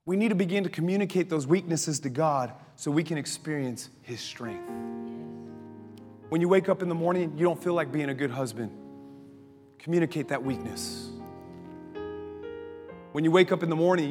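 A male pastor preaching a sermon, telling stories with laughter and dropping to a soft voice for prayers. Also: a little high, moderate pace, pauses often. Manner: animated storytelling preacher, laughs often, drops to soft prayer voice. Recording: long hall reverb with faint music.

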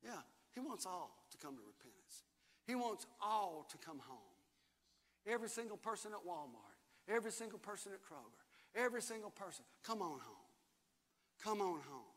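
Older male pastor, bright high voice. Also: very animated, moderate pace. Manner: preaching, reads scripture aloud and has the crowd repeat after him. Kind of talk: sermon. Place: large church hall. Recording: long hall reverb, faint music.

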